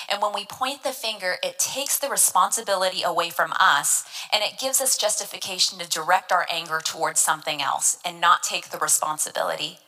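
Earnest woman teaching scripture, bright tone. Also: on the low side, fairly quick, few pauses, low-quality recording. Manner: earnest, emphatic, explains scripture word by word. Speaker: devotional teacher. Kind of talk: devotional Bible teaching.

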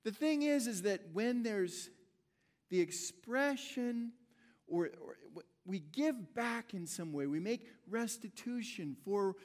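A middle-aged male pastor preaching with a somewhat high-pitched voice. He tells a personal story in a loose, conversational way, often starting over mid-sentence. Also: lively intonation, slow pace, darkish tone. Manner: conversational, rambling with many restarts.

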